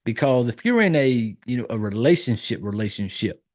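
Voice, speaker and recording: A man talking loosely and profanely about a film, his voice at an ordinary middle pitch. He keeps jumping up in pitch to act out lines from the movie. It sounds like casual podcast chat with a married guy. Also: lively intonation, fairly quick. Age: adult, married. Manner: loose, profane storytelling, acting out lines in a raised voice. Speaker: podcast host reviewing a horror film.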